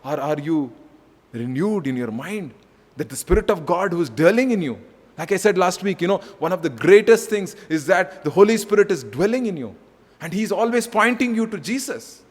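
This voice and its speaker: A man from India preaching a sermon as pastor, earnest and repetitive, swinging between soft and emphatic delivery. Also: high-pitched, animated, normal speed, in a large hall.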